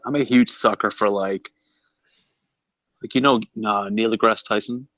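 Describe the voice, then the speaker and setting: A man in casual livestream banter, excitable and swearing a lot, with loud outbursts. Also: on the low side, a little slow, no echo, highs cut off. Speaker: co-host.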